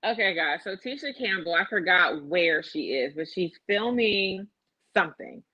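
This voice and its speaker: A woman's voice: on the low side, expressive, moderate pace, no echo, dull audio. A woman co-hosting a casual podcast, telling a gossip story with lots of profanity, quoted voices and laughter. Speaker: podcast co-host.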